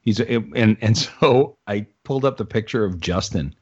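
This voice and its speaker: A man's voice: fairly low pitch, normal speed, a little mellow, husky, dull audio. Rambling, laughing male podcast host. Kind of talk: casual podcast chat.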